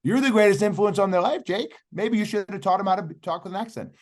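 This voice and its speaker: A man's voice: sits high, fast. A middle-aged man speaking emphatically as a podcast guest, persuading the host and calling him by name. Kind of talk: animated interview talk.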